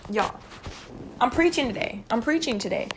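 A young woman with a fairly high voice vents on her vlog. She tells a personal story in an animated, emphatic way, pressing hard on her words. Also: noisy background. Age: young adult. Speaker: vlogger.

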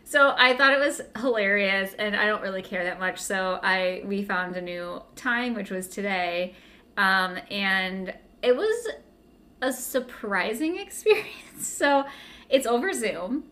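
A woman's voice: medium pitch, expressive, a little slow, sharp tone. A woman co-hosting a podcast, telling a story in casual chat with many fillers and frequent laughs. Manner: giggly storyteller, lots of "like" fillers. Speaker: podcast co-host.

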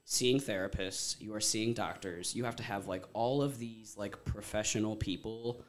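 Low-voiced man telling his story candidly. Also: steady tone, moderate pace. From Ohio, USA. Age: around 30. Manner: candid, rambling storyteller, heavy use of "like", swears casually. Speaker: podcast guest. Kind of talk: casual podcast conversation.

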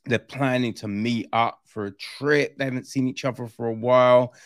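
A man giving a casual film review, chatty and animated, often tagging on quick questions and slang. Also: mid-range voice, no echo, studio quality.

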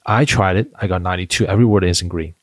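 A man's voice: low voice, racing, dry recording. A man, a company founder, answering interview questions in a chatty storytelling way, full of fillers and restarts. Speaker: edtech founder, guest. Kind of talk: interview conversation.

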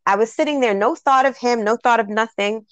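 A Jamaican woman hosts a casual spiritual podcast, sharing heartfelt stories and laughing often. Her voice is on the high side and brisk, in a dry recording.

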